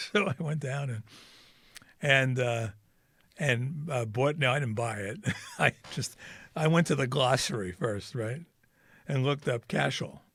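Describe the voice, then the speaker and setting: A man's voice: mid-range voice, measured pace, creaky, a bit bright, no room sound. A man co-hosting a casual podcast, a wry, joking storyteller who keeps the chat moving. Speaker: podcast co-host. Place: Kansas City.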